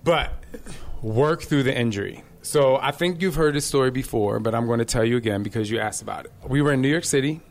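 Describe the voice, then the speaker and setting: A middle-aged fitness instructor with a mid-range voice talks a little fast in a casual chat. Energetic throughout, he spins stories and acts out quotes along the way.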